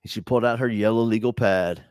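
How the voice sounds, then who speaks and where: A man giving a storytelling keynote to teachers, animated and self-mocking, laughing often and jumping high in pitch when he quotes people. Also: quick pace, no echo, studio quality. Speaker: conference speaker for teachers. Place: online conference session.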